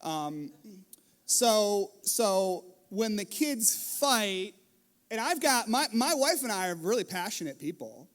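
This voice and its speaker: A middle-aged man, a pastor, preaching a sermon in a lively storytelling manner, acting out scenes from his family life. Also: sits high, slow. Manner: animated storytelling, acts out his kids and himself. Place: church stage.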